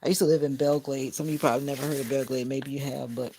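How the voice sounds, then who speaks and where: A woman's voice: rumbling low, fairly even intonation, racing, mellow. A middle-aged woman hosting a casual livestream from her bedroom, rambling and joking with her viewers. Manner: rambling, laid-back and joking. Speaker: livestream host. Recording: noisy home livestream.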